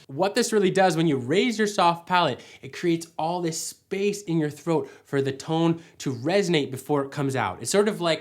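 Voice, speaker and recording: A man's voice: fairly high pitch, lively intonation, normal speed, few pauses, soft background music. Friendly man coaching singing technique. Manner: friendly, explains step by step, breaks into sung vowel demos. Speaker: vocal coach. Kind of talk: casual singing lesson with sung demonstrations.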